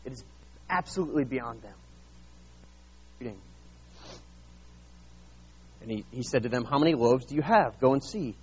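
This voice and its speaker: A man preaching a sermon, retelling Bible scenes in a lively, casual way and acting out the characters. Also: mid-range voice, moderate pace, pauses often, husky, dull audio. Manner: animated, acts out Bible scenes in casual voices. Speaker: pastor.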